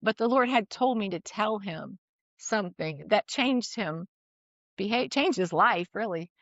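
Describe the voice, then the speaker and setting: A middle-aged woman, a guest, telling a personal parenting story in casual conversation. She talks in an animated way, often restarts her sentences and laughs between phrases. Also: mid-range voice, unhurried, dry recording, muffled recording.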